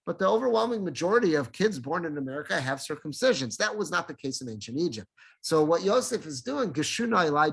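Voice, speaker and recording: Rabbi, middle-aged, higher-pitched man, teaching a Torah class and acting out the quotes. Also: fairly bright tone. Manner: explains Hebrew verses in English, acting out speakers' lines.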